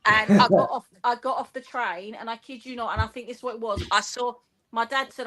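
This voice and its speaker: A woman, telling an animated, rambling story in an interview and acting out the dialogue. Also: fairly high pitch, brisk, a loud crowd. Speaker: guest, football fan and teacher.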